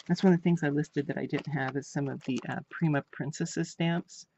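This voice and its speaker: A woman's voice: low-pitched, steady tone, a little slow, a little mellow, a little hiss or hum. A woman vlogger chatting casually while unboxing crafts, gushing and repeating her praise. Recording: dull lo-fi home recording.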